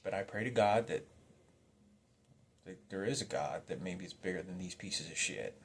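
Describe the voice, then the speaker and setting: A man with a fairly low voice tells a personal story in a loose, rambling monologue. He trips over his words, restarts his sentences and swears often, and the emotion stays close to the surface. A faint room ambience sits behind him. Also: animated, moderate pace, slight background noise. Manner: agitated, rambling, heavy swearing.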